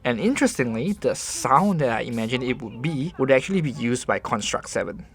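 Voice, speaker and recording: A man's voice: mid-range voice, expressive, brisk, faint music behind. A man voicing a game review as host, earnest and conversational, often restarting his sentences.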